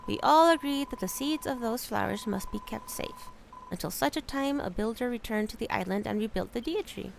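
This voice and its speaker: A woman's voice: a little high, vocal fry, a little hiss or hum. A woman playing a solemn old rat elder. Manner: slow, solemn storytelling.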